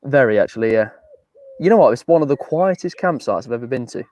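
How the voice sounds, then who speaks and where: A man co-presenting a live show by video call, chatting in a relaxed, easygoing way. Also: medium pitch, fast, no room sound. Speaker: co-presenter calling in from a campsite. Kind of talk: casual live-stream chat.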